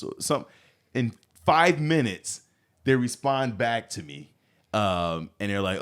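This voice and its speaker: A man telling a story in casual chat, animated, acting out quotes with sudden yelps. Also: on the low side, moderate pace. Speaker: podcast guest.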